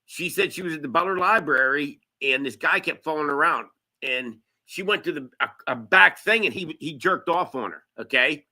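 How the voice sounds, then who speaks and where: Guest, male, very bright, slightly high voice; profane rambling raconteur. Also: moderate pace. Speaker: guest, local news video maker. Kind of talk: casual podcast chat.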